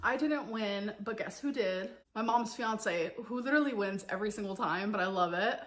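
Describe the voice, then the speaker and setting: A woman's voice: medium pitch, normal speed. A woman around thirty chatting to camera in a casual vlog, upbeat and talkative. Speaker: vlogger. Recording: clip with steady background noise.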